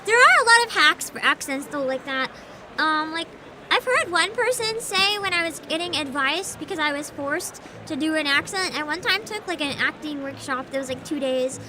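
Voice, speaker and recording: A woman's voice: high voice, lively intonation, moderate pace, background noise. A woman streaming a game and chatting casually as a voice actor, laughing and swearing freely. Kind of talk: casual live-stream chat.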